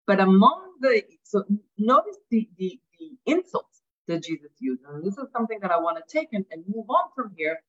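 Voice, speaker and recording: A woman's voice: medium pitch, very animated, moderate pace, a bit bright. A woman giving an academic lecture, asking rhetorical questions and often adding "right?". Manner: frequent restarts and repeated words. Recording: dull lo-fi sound.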